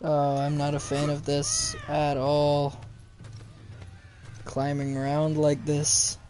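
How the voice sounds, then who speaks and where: A man's voice: a little high, completely flat delivery, takes it slowly, a little mellow, slight background noise. A young man giving casual let's-play commentary, chatting and joking with his viewers as he plays. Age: young adult. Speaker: gaming youtuber.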